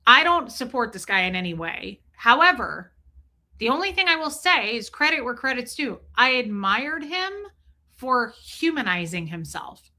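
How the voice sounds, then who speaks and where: Bright-voiced chatty woman livestreaming. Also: on the high side, moderate pace. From Nebraska, raised in Kansas City area. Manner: chatty and animated, reading viewer comments aloud. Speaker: livestream host reading chat. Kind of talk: casual live-stream chat.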